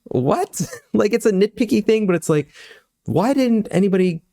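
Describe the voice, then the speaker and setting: A man's voice: high voice, brisk, vocal fry, warm tone. A man co-hosting a podcast, chatting casually about a film, rambling, laughing often and restarting his sentences. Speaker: podcast co-host.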